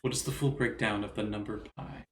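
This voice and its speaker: Male player, low voice, faint background noise, halting delivery. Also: steady tone, roomy sound. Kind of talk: tabletop role-play chat.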